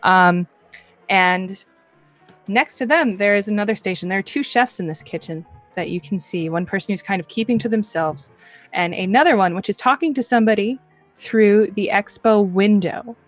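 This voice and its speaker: A woman's voice: medium pitch, normal speed, no echo, soft background music. A young woman narrating a tabletop game as game master in a loose, chatty way with many fillers.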